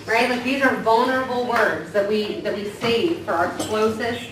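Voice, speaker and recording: A woman's voice: on the high side, normal speed, a crowd in the background. A woman counselor giving a casual training lecture, often checking in with "right?". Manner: casual, tags points with "right?". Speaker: counselor teaching a staff training. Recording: echoey room from far off, faint noise.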